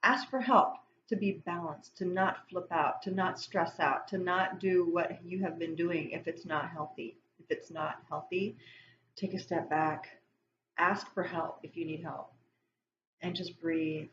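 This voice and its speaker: A woman's voice: fairly low pitch, steady tone, measured pace, echoey room, muffled recording, slight background noise. A woman giving a casual spiritual tarot reading to camera, rambling and going off on tangents. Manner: rambling, warm-hearted, self-interrupting. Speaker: tarot reader.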